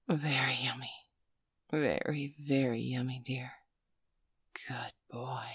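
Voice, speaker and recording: A woman in whispered role-play, speaking slowly and coaxingly with pet names, close to the mic. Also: extremely low pitch, slightly rough, no room sound. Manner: slow, coaxing, teasing, full of pet names. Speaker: audio role-play performer.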